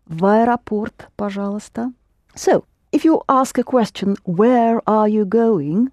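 A woman teaching a lesson, patiently prompting students and correcting them, slowing down to model phrases. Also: mid-range voice, darkish tone, dry recording. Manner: patient, prompting and correcting, slows for Russian words. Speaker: Russian language teacher.

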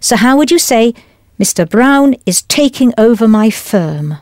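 Woman language teacher, slow and deliberate, animated intonation, dry studio sound. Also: on the high side, dry recording. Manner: slow, careful enunciation with prompting questions. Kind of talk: scripted language lesson.

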